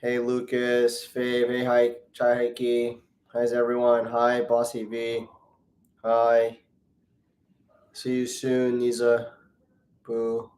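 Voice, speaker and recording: A man's voice: mid-range voice, takes it slowly, pauses often. Man in a roomy echo, joking Q&A host. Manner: relaxed, joking, greets viewers by name. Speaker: plastic surgeon hosting a live Q&A. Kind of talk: casual live-stream chat, reading viewer comments aloud.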